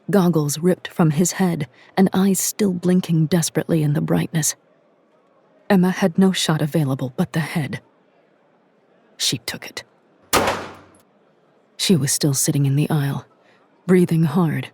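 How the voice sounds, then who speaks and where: A narrator reading an audiobook drama in a measured, dramatic way. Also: mid-range voice, warm tone, breathy edge, dry recording. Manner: measured, dramatic, drops to a whisper at tense moments.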